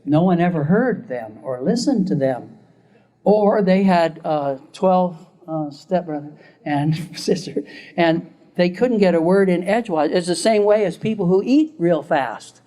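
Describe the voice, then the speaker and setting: A man's voice: sits high, lively intonation, unhurried, dark tone. An older man giving a recorded classroom lecture in a conversational way, chuckling often.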